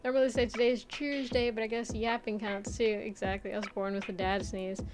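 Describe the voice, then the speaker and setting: A woman's voice: mid-range voice, flat delivery, brisk, noisy background. A young woman streamer chatting casually with viewers, rambling with lots of filler words, swearing and laughing often. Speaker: VTuber streamer. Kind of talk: casual chat reading viewer comments.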